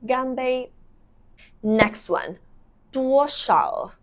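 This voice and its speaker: A young woman giving a video language lesson at an unhurried, careful pace. She explains slowly and repeats each example phrase so it sinks in. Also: high voice. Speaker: language teacher.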